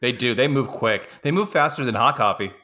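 A man's voice: medium pitch, animated, brisk, sharp tone. A man co-hosting a podcast, chiming in with joking side remarks about a film. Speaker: podcast co-host. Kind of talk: casual movie recap chat.

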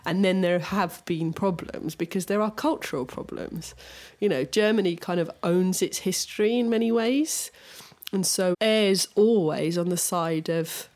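Chatty, lower-voiced woman telling stories. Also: unhurried, a little mellow. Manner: chatty storyteller, laughs often, restarts mid-sentence. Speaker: podcast co-host. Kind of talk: casual chat.

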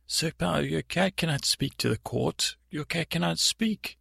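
A man's voice: on the high side, unhurried, gravelly, pushed and bright, breathy edge, no echo, studio quality, voice pushed up, heavily acted. A man voicing an anxious imprisoned stable boy who pleads and stammers, within an improvised comedy monologue. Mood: pleading.

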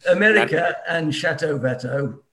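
A man's voice: on the high side, lively intonation, moderate pace, crowd noise. A man, a guest actor, chatting casually and jokily over a remote call on a podcast. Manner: jokey, easygoing banter. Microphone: remote call from abroad.

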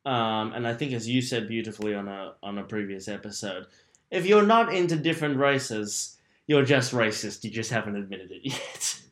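A man's voice: on the low side, normal speed. A young man co-hosting a casual podcast chat, camp and teasing in his banter. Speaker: podcast co-host.

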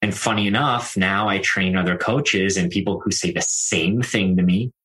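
A man who works as a life coach, talking in a calm, reassuring and reflective way. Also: sits low, normal speed, low-quality recording. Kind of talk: conversational coaching talk.

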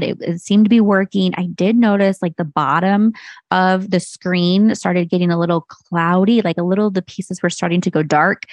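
Chatty woman with a gravelly fry. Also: mid-range voice, no echo. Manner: chatty, rambling, full of "like" and restarts. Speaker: podcast host and business owner. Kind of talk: casual solo storytelling.

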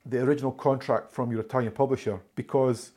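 A man's voice: medium pitch, fairly even intonation, fast talker, mellow. A man, an author in an interview, telling a long story in a rambling way with many restarts. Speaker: author and journalist being interviewed. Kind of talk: conversational storytelling.

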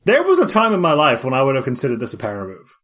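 A man's voice: mid-range voice, huge pitch swings, racing, a bit bright. A young man co-hosting a podcast, enthusiastic and restarting his sentences in casual chat. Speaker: podcast co-host.

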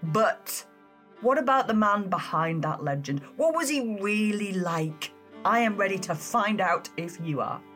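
A woman's voice: mid-range voice, expressive, measured pace, fairly bright tone, faint music behind. Chatty woman hosting a history podcast. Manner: chatty, self-mocking, giggly asides. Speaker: podcast host.

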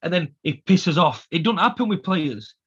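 A man's voice: sits high, very animated, normal speed, a bit bright, breathy edge, highs cut off. A man co-hosting a casual football podcast, ranting emphatically and repeating his points. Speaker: podcast co-host.

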